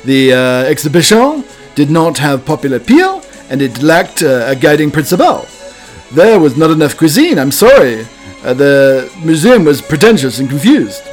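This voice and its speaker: Guy doing a cheesy fake french chef accent, griping and raising his voice, higher than his normal voice. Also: big pitch swings, normal speed, faint music behind. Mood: indignant. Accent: mock French. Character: exasperated male French chef.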